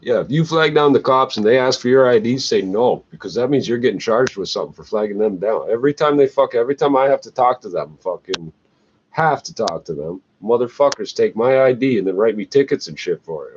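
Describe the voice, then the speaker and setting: A man's voice: mid-range voice, animated, brisk. A man, going on an agitated, profane, rambling rant. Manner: agitated, swearing, trailing "eh?". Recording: dull lo-fi recording, faint noise.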